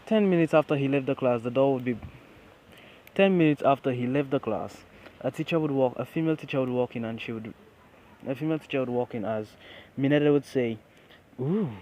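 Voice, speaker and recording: A man's voice: medium pitch, a little fast, mellow, a little hiss or hum. A man improvising a fan story aloud, chaining clauses and often restarting his sentences.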